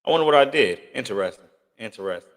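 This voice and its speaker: A man's voice: medium pitch, lively intonation, fast. A man hosting a live stream, chatting casually with viewers in a loose, slangy way, repeating himself and thinking aloud. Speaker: livestream host.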